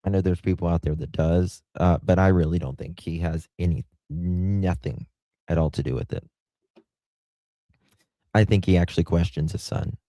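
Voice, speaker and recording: A man's voice: sits low, moderate pace, warm tone, dry recording. A man hosting a casual livestream, chatty and defiant, thanking his viewers. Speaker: livestream host.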